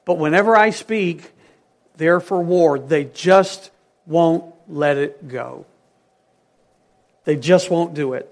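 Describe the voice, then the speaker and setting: Male pastor, high voice, earnest sermon, emphatic then hushed. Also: takes it slowly, pauses often.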